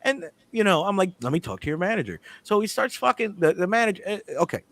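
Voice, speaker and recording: A man's voice: high-pitched, fast, no echo. Man telling a profane story. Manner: animated, profane, acts out the dialogue. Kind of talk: casual storytelling among friends.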